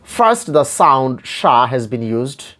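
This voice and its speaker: Slow, deliberate male phonetics teacher. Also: mid-range voice, sing-song, fairly bright tone. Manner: slow and deliberate, repeats each word and spells it out. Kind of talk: slow pronunciation lesson.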